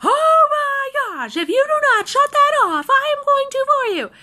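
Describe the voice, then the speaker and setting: A woman voicing her furious, half-asleep brother yelling in a shrill, strained voice. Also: sing-song, unhurried, exaggerated voice. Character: furious sleepy brother, yelling to stop alarm.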